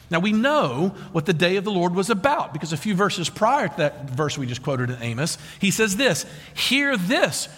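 A man's voice: high voice, fairly bright tone. A man preaching a sermon as pastor, dramatic and full of rhetorical questions. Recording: long reverb of a large hall.

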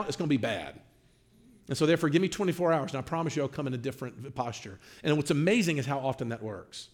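Male pastor, teaching a class. Animated delivery, lively and on the high side. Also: quick pace. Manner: animated, acts out quoted dialogue.

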